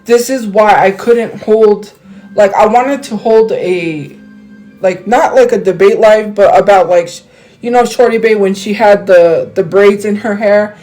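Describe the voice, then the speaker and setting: A woman hosting a livestream talks heatedly into a phone, rambling casually to viewers with lots of fillers and restarts. Her medium-pitched, darkish voice moves at a measured pace, with faint music behind it on a low-quality recording.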